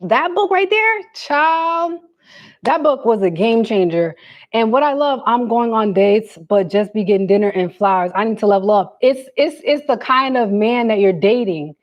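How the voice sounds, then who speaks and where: A young woman with a slightly high voice talks to her viewers on a livestream, animated and loose, full of slang and asides. The sound is dull and lo-fi, like a phone stream. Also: moderate pace. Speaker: livestream host. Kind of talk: casual livestream chat.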